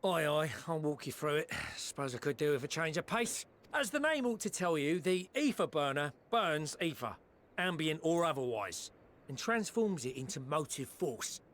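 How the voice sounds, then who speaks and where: An actor with an Australian accent playing a gruff male engineer in a game, exasperated and blunt. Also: fairly high pitch, very animated, moderate pace, a bit bright. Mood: explaining.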